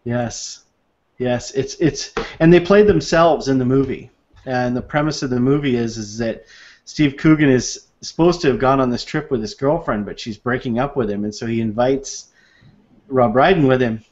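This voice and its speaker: A man in a relaxed podcast chat, spinning anecdotes and breaking into laughter. His voice sits at an ordinary middle pitch. The recording sounds dull and lo-fi. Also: moderate pace. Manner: storytelling, laughs often, acts out quoted voices. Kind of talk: casual chat.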